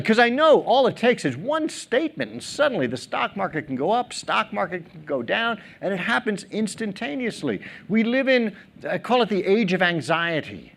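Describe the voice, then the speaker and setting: Middle-aged male keynote speaker, high and very lively, humorous, plays to the audience. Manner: animated, humorous, asks the audience questions. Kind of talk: conference keynote talk. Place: large theater stage.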